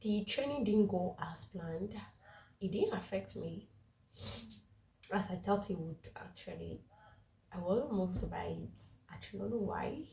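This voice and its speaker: A woman's voice: mid-range voice, expressive, measured pace, creaky, long pauses, warm tone, reverberant, distant mic, rough recording. A woman with a cold sharing her recent weeks in a candid, rambling vlog, laughing often. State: congested with a cold. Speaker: faith vlogger. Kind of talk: casual personal vlog.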